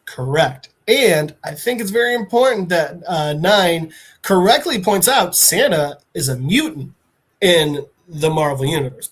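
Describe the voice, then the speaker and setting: A podcast host, a man, casually retelling a comic in an animated, rambling way with fillers. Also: a little high.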